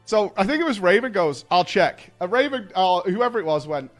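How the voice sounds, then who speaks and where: A man chats to his stream audience in a high, very lively voice, telling a story and acting out the people in it. He swears freely as he goes. Faint music plays softly behind him. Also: brisk. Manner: animated, swears a lot, acts out quotes. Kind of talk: casual storytelling to stream chat.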